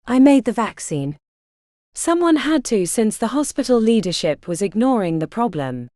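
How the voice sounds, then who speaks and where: A woman's voice: a little high, big pitch swings, normal speed, mellow, dry recording, studio quality. A woman voicing a defiant young bog witch healer who talks bluntly with folksy turns of phrase.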